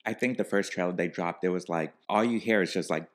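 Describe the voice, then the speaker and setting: A man's voice: low-pitched, a little fast. A man talking casually as a podcast guest, chatty and full of "like" and "um". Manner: chatty, filler-heavy with "like" and "um". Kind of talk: casual chat.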